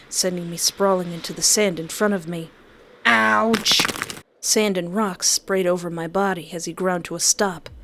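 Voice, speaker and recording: A woman game streamer reading a visual novel aloud, breaking into excitable, yelling reactions. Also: fairly low pitch, a little hiss or hum.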